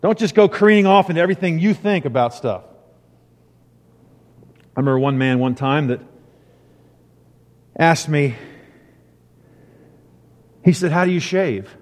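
A middle-aged man preaching a sermon, animated, acting out the people he quotes. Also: a little high, measured pace, long pauses. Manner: animated storyteller, acts out quotes. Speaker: pastor. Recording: long reverb of a hall.

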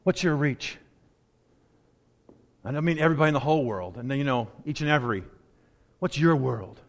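A man's voice: mid-range voice, animated, fairly quick. A man preaching a sermon in a conversational, storytelling way, with asides, in a church sanctuary with a long hall echo.

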